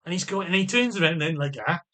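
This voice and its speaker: A Welsh man talks straight to camera in a loose, rambling vlog, swearing freely and stumbling over restarts. His voice sits a little higher than most men's. He sounds blunt and sardonic. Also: lively intonation, fast, pushed and bright. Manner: rambling and profane, with frequent restarts. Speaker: vlogger. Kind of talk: casual vlog monologue.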